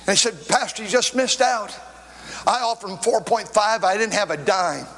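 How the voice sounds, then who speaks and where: High-voiced preacher in a reverberant hall. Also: male voice, background noise. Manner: storytelling preacher, swings from quick talk to shouted, drawn-out lines. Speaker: pastor. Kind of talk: sermon.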